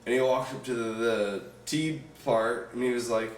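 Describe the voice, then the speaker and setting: A man's voice: mid-range voice, fairly even intonation, normal speed. A man co-hosting a podcast, telling an anecdote in casual chat and laughing often as he talks. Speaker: podcast co-host. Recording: roomy, distant mic, faint noise.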